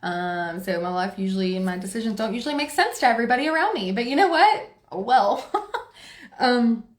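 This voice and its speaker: A woman giving a casual tarot reading to camera, talking in a forceful, excitable way and laughing often. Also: a little high, fairly quick. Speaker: tarot card reader. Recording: roomy echo, faint music behind.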